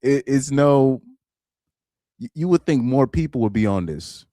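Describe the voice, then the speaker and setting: A man's voice: medium pitch, animated, unhurried, dark tone, no room sound, studio quality. A man casually commenting on a live stream, rambling and repeating himself. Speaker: live streamer reacting to videos.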